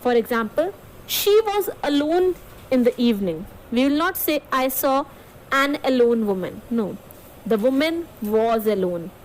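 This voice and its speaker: A woman's voice: a little high, expressive, a little slow, a little mellow, a little hiss or hum, rough recording. A woman teacher with an Indian English accent, explaining a grammar lesson step by step to students and often checking in with "okay". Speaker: school teacher.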